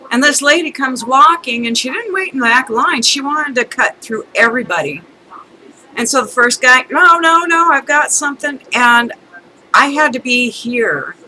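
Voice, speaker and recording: Chatty middle-aged woman venting, bright and lively, slightly high voice, keeps laughing through it. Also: a little hiss or hum, low-quality recording. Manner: rambling, chatty, breaks into laughs. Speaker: vlogger. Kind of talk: casual ranting storytime.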